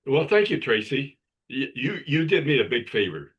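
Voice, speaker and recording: A man speaking as a guest doctor on a video call, halting and restarting often. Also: mid-range voice, big pitch swings, a bit bright, husky, dull audio. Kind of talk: casual talk on a video call.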